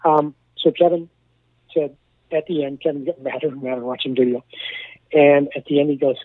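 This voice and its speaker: Over a dry, tinny phone connection, an ex-hockey coach now working in broadcasting spins animated stories for a radio interview. His voice is fairly high, his speed normal, with no echo; he repeats words and performs the dialogue he quotes.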